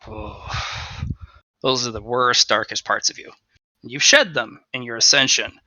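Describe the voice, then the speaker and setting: A man's voice: medium pitch, sing-song, unhurried, vocal fry, bright, forceful tone, no room sound, poor audio. A man narrating as game master of a tabletop game, laughing, swearing and throwing in dramatic asides.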